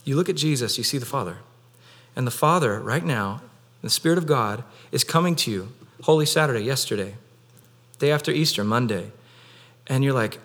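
A young man delivers an Easter sermon in a relaxed, chatty way. His voice sits at a middle pitch, and he keeps dropping in fillers as he talks. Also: normal speed. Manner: casual, conversational, many fillers. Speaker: pastor.

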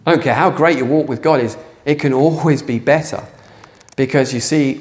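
A man preaching a sermon to a church congregation, passionate and earnest, sometimes rising to near shouting. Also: on the high side. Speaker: pastor. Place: church hall.

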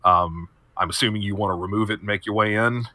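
A man's voice: lowish voice, fairly even intonation, fast talker, pushed and bright, no echo. A man hosting a podcast and narrating as game master, descriptive and full of fillers. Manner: descriptive, many fillers, laughs often.

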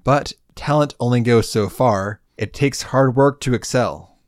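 A cheerful, hard-drinking blacksmith guildmaster, quoted by a man in a podcast chat. The lines come out in a plain, lightly wry read at a middling pitch. It is recorded close and dry. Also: a little slow, no echo, natural voice.

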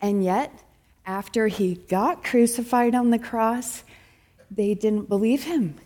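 A middle-aged woman preaching a sermon at church, animated, acting out quoted complaints with sudden high bursts. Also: takes it slowly. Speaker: church speaker.

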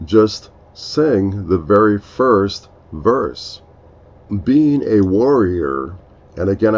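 Slow, low-voiced man hosting a talk. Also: a little mellow, highs cut off. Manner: slow, earnest, explaining. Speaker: podcast host. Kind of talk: reflective devotional talk.

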